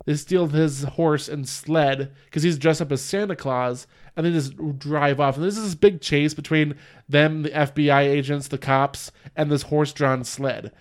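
A man's voice: a little high, fairly even intonation, normal speed. A man casually recapping a film on a podcast, rambling with many fillers and restarts, and acting out lines from the story. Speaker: podcast host. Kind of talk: casual movie recap chat.

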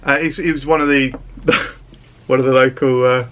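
A man's voice: mid-range voice, fairly even intonation, measured pace, smooth, dull audio. A man hosting a comedy podcast, telling absurd stories in a mock-serious, sweary way. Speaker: podcast host. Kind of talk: deadpan comedy podcast banter.

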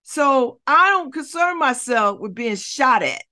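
A woman's voice: high voice, lively intonation, slow, sharp tone. A woman hosting a community radio show, talking bluntly and preachily with rhetorical questions. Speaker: radio host. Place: radio studio.

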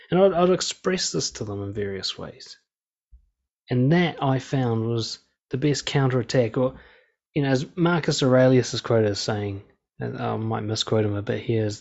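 A man's voice: mid-range voice, moderate pace, vocal fry. Frank, profane man, lo-fi sound. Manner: frank and profane, calm and steady. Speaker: speaker on relationships and conflict. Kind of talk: casual monologue. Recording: slightly dull lo-fi sound.

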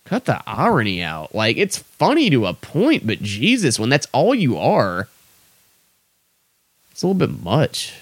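A man's voice: medium pitch, wildly swooping pitch, a little slow, breathy edge, no room sound. A young man hosting a podcast, ranting casually in an exasperated, sweary, rambling way. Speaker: podcast host. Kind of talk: casual solo rant.

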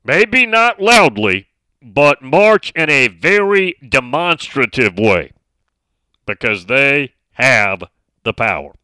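A man's voice: mid-range voice, big pitch swings, slow pace, bright, forceful tone, clean tone, no echo. A middle-aged man hosting a sports talk radio show, speaking emphatically and reading out listener messages.

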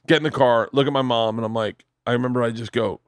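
A middle-aged man from Florida, a podcast host telling animated stories in casual chat and acting out the quotes. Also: mid-range voice, fast, no room sound. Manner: animated storyteller, acts out quotes, swears freely.

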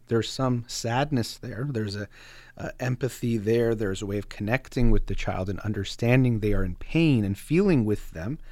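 Soft-spoken man, low and dry. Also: no echo. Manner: thoughtful, measured, with soft trailing endings and filler pauses. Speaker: speaker on parenting and emotions. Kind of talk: reflective explanatory monologue.

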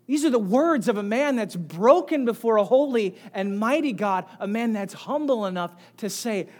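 A man with a high voice preaches a sermon from the pulpit. He tells stories with animated swings between quiet, close passages and loud, bright bursts. He sounds middle-aged. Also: moderate pace, hardly any pauses. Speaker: pastor.

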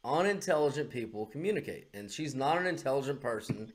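A man's voice: medium pitch, lively intonation, fairly quick, a little hiss or hum. A man co-hosting a casual podcast chat, blunt and mocking, swearing freely, on a podcast microphone. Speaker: podcast co-host.

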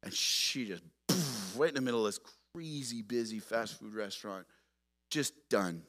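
A man preaching a sermon as pastor, moving from quiet storytelling to loud, emphatic exhortation. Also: lowish voice, moderate pace.

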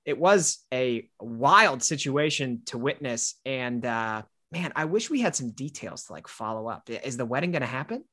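A man's voice: medium pitch, expressive, moderate pace, hardly any pauses, sharp tone. A man co-hosting a podcast, chatting casually and rambling with restarts and trailing-off sentences. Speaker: podcast co-host. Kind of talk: casual chat.

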